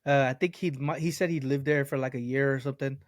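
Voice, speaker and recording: A man from Texas, a guest on a casual podcast chat over a video call, easygoing and quick to laugh. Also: mid-range voice, steady tone, no room sound, clean studio sound. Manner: easygoing, agreeable, laughs often.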